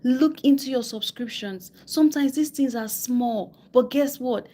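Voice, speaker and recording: A woman's voice: high voice, a little slow, hardly any pauses, mellow. A woman giving personal finance advice as a coach on a live stream, with a West African English accent, stressing points by repeating phrases. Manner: emphatic, repeats key phrases, quotes people in mock voices.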